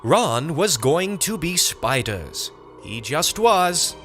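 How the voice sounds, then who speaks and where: A man narrating a comic nonsense story with a slow, deadpan delivery. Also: on the high side, faint music behind. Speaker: audiobook narrator.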